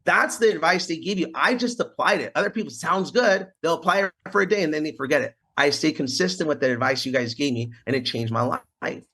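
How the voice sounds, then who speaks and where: A man with a husky, breathy voice that sits fairly high for a guy speaks as a podcast guest. He talks in an earnest, fired-up way and repeats phrases as he builds his point. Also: fast, few pauses, bright, forceful tone. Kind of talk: casual storytelling interview.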